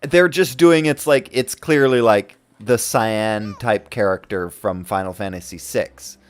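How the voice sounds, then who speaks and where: A man streams a game while chatting casually, laughing often and swearing occasionally. His voice is smooth and on the low side, with a measured pace.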